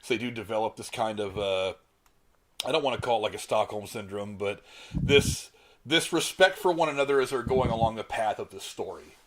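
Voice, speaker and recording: A man hosting a film discussion podcast, telling anecdotes and laughing easily. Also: on the low side. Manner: talks fast, tells anecdotes, laughs easily. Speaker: podcast host. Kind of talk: casual chat.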